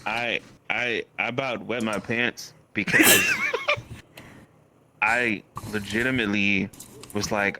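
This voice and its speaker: A man chatting casually out of character, an animated storyteller. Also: lowish voice, slow, pauses often, a little hiss or hum, rough recording. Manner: animated storyteller, breaks into laughing shouts.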